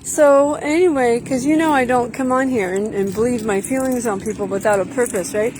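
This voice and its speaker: A middle-aged woman recording outdoors while she walks, telling a story in a lively, chatty way. Her voice sits a little high, and she acts out what people said, using plenty of fillers. A faint hiss of background noise runs under her voice. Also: normal speed. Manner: animated, acts out quotes, frequent fillers. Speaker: vlog host. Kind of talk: casual storytelling chat. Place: outdoors, walking.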